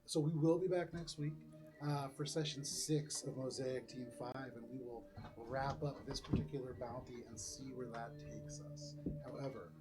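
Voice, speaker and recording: This male game master, mid-range in pitch and moderate in pace, leads a tabletop game and narrates scenes easily, with filler words sprinkled throughout.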